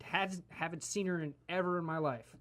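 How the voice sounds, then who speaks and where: A man's voice: on the high side, fairly even intonation, normal speed, a bit bright. A young man casually telling stories on a podcast, rambling and repeating "like" as he restarts his lines. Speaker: podcast co-host. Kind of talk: casual storytelling chat.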